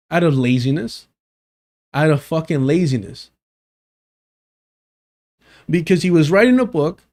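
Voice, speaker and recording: Male live-streamer, reacts to debate clip, swears a lot, incredulous and heated, slightly high voice. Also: darkish tone.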